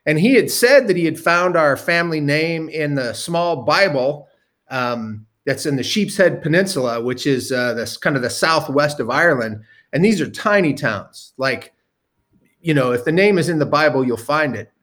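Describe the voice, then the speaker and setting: Man, storytelling, rambling with ums, casual swearing, slightly high pitch. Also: animated, normal speed, fairly bright tone. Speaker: storyteller guest.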